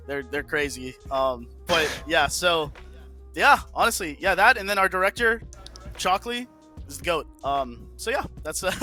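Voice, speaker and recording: A man being interviewed after a match, talking casually with many fillers and pauses. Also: a little high, bright, forceful tone. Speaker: player interviewed on the desk.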